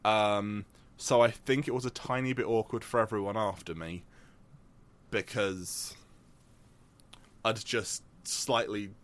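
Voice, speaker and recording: A man's voice: lowish voice, fairly even intonation, takes it slowly, pauses often. Rambling young man in casual chat. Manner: rambling, tangent-prone, with many fillers and restarts. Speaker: podcast co-host.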